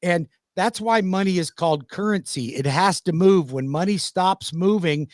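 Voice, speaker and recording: A man's voice: high-pitched, moderate pace, dry recording, studio quality. A man co-hosting a casual mortgage discussion, explaining points emphatically and with confidence.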